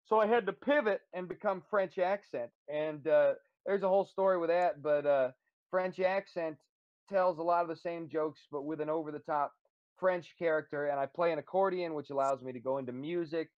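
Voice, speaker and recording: A man who does stand-up comedy talks through his act in a relaxed, rambling way, his voice sitting a little high for a man. The sound is dry and a bit dull, with no room around it. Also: moderate pace, no echo. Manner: animated storyteller, rambling with fillers. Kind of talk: casual interview chat.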